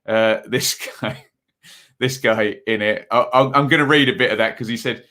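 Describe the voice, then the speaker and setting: Man, live stream host, bright voice, casual football chat, rambling with fillers, reads out viewer comments. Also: mid-range voice, fairly even intonation, moderate pace. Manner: chatty, reads out viewer comments between match updates; loose and rambling with many fillers.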